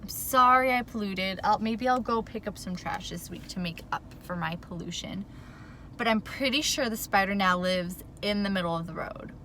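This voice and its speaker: A woman's voice: mid-range voice, moderate pace, a little hiss or hum. A woman telling a rambling storytime vlog, flustered and worked up, saying "like" constantly. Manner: animated, rambling, says "like" a lot. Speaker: vlogger. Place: in her car.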